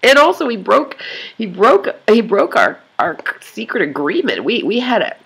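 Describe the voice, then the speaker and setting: A woman talking to her online club in an emotional confessional vlog, tearful and crying, rambling and halting with many sighs. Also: mid-range voice, very animated, vocal fry, a bit bright, husky.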